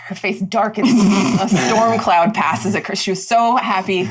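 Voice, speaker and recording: A woman playing a tabletop game, animated and giggly as she narrates her character. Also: mid-range voice, unhurried, background noise. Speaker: player.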